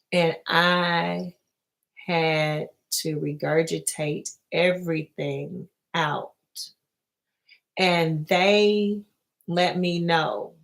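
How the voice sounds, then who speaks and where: Woman with a lowish voice, casual vlog chat, earnest, keeps saying y'all to viewers. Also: creaky, fairly bright tone. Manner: loose and conversational, often addressing viewers as y'all. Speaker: spiritual vlogger and dream interpreter. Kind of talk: casual talk to camera.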